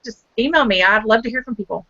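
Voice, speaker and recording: A woman's voice: a little high, fast talker, fairly bright tone. A woman author chatting on a video call, bubbly and self-deprecating, laughing easily. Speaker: guest author. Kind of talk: casual online chat. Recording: slightly muffled video call audio.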